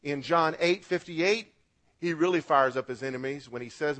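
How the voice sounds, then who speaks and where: A man's voice: on the high side, moderate pace, a bit bright. A man preaching a radio sermon as pastor, with emphatic rises and drops, asking the congregation to repeat words after him.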